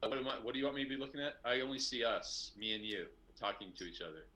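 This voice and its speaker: Man, Canadian accent, bright tense voice, easygoing, joking, video call guest. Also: medium pitch, lively intonation, fast, rough recording. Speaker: guest coach. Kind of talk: casual video call chat.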